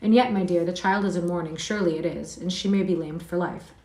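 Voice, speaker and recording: A woman's voice: on the low side, steady tone, fast talker, darkish tone, natural voice. A woman playing a haughty lady of the manor. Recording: roomy sound from a distant mic.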